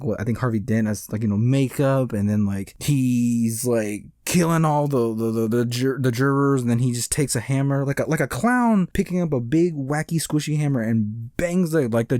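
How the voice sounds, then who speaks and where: Fast-talking man rambling about a movie. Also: medium pitch, warm tone, dry recording, clean studio sound. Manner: rambling, full of "like" and restarts. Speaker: movie reviewer. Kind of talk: casual movie review talk.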